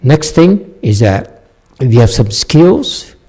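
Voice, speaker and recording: A man's voice: mid-range voice, very animated, slow, mellow, slightly rough. A man giving a meditation dharma talk and answering questions. He laughs often and keeps checking in with "okay?". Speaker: Chan meditation teacher.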